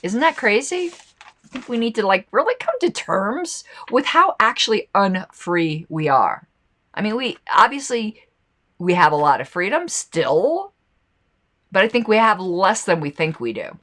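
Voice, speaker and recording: A woman's voice: mid-range voice, very animated, unhurried, a bit bright. A woman hosting a solo podcast with a slight lisp, talking in a rambling, impassioned and indignant way between passages she reads aloud. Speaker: podcast host.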